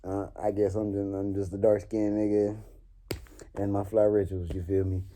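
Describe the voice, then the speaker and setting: Animated young man. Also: on the low side, normal speed, slight background noise. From New Orleans. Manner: animated, swearing, laughs often. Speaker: vlogger. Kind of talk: casual story time monologue.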